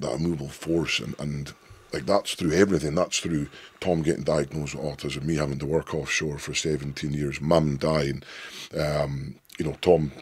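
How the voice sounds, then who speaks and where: A Scottish man in his thirties with a deep voice, a guest telling stories in a rambling, sweary, emphatic way. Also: slightly rough, no room sound. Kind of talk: casual interview chat.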